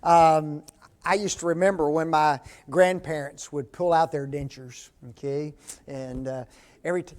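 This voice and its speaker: A man's voice: a little high, steady tone, measured pace, darkish tone. A man preaching a folksy sermon in a church, often putting questions to the congregation.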